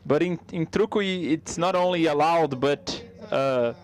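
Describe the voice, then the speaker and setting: Male live interpreter voicing a comedy routine; somewhat high pitch, conversational, halting with restarts.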